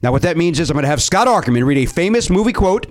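Male game show host, slightly high voice, playful and self-mocking. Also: big pitch swings, very fast. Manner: upbeat, self-deprecating, rambling. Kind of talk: comedy podcast game show hosting.

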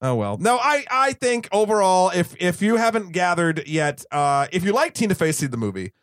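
Excitable high-voiced male podcast host. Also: normal speed, no room sound, clean studio sound. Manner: excitable, swears freely, laughs often. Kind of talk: casual podcast chat.

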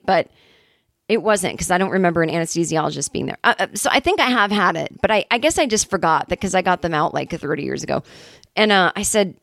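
A woman's voice: on the low side, a bit bright, no echo, studio quality. A woman hosting a comedy podcast, telling a rambling, self-deprecating story and speaking openly about her anxiety in a casual way.

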